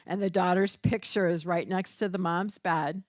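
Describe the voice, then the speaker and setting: A woman's voice: fairly low pitch, steady tone, moderate pace, dry recording, clean studio sound. An older woman presenting a caregiving workshop, teaching through stories and acting out the people she quotes. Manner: storytelling, acts out quoted voices.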